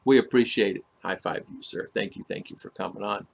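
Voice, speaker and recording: A man's voice: fairly low pitch, fast talker, creaky. A man hosting a casual livestream, reading viewer comments aloud and rambling through them with many fillers and restarts. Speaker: livestream host reading chat. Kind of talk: casual live chat. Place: home in the Philippines.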